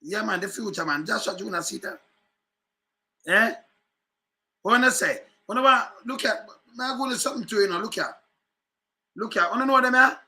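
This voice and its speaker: A Jamaican man talks over political clips in loose, animated patois, circling back to repeat his points. His voice sits high and rings very bright and sharp. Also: moderate pace, long pauses. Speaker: political commentator. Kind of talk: casual commentary on news clips.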